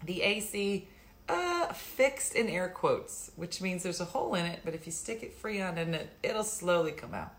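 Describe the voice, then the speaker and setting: A woman's voice: fairly low pitch, expressive, normal speed. A middle-aged woman hosting a live stream, chatting casually, rambling and laughing often. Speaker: livestream host.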